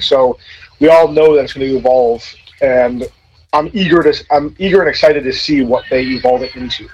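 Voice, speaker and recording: A man as a podcast guest in casual chat, rambling and animated. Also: medium pitch, breathy edge. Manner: rambling, animated, many restarts. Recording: dull lo-fi sound.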